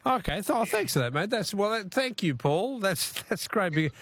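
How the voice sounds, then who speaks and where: Australian man, talkback host, slightly high voice, chuckling, easygoing, casual chat. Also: big pitch swings, moderate pace, a bit bright, no echo.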